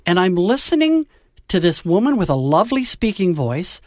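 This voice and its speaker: A man hosting a music radio show, chatting in an animated, joking way. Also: high voice, moderate pace, no echo, clean studio sound. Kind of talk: casual chat.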